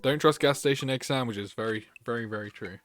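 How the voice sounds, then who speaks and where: A man's voice: medium pitch, brisk, a bit bright, faint music behind. A man streaming a game, reading its text aloud and chatting with his viewers. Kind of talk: gaming livestream chat.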